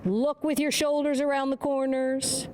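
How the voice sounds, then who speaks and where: High-pitched lady coaching a horse driver outside, short repeated cues, bit of background noise. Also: level tone, unhurried, a little mellow. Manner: encouraging, gives short repeated commands. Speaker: riding instructor. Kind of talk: coaching a driving lesson.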